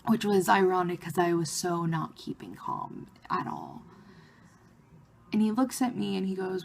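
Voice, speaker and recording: A woman vlogger telling a story in a casual, excited way, with lots of "like" fillers. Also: lowish voice, unhurried, vocal fry. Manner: excited retelling of a fan encounter, many "like" fillers.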